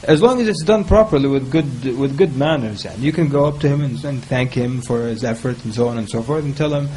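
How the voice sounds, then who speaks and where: A man speaking on a panel, giving advice in a lively, humorous way and mimicking people in quick quoted asides. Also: medium pitch, rough recording. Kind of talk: casual panel talk.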